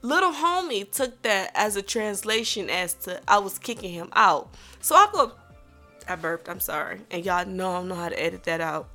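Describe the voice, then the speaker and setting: Animated, foul-mouthed woman telling a story. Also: medium pitch, normal speed, soft background music. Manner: animated, profane, acts out voices in her story. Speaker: vlogger telling a personal story. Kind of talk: casual storytime monologue.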